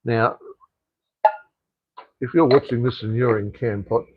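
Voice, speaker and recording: An Australian man at home in Cambodia rambles through a casual live stream, responding to viewer comments as they arrive, swearing freely and full of fillers and restarts. His medium-pitched voice is steady and a little slow, with phone-quality sound that feels dry and close, almost no room echo.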